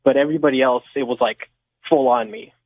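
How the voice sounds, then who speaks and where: A man's voice: medium pitch, lively intonation, quick pace, creaky, slightly rough, no echo. A man from California calling in to a radio show, telling a story with lots of fillers and restarts. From Inland Empire, California. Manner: rambling, many fillers and restarts. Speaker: caller. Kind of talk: storytelling over the phone. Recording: tinny phone line.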